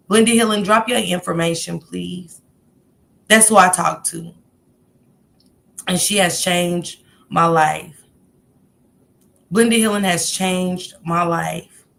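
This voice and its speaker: A woman's voice: on the low side, gravelly, fairly bright tone, slight background noise. A woman hosting a casual livestream, talking heartfelt and encouraging as she greets viewers in the chat by name. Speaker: livestream host.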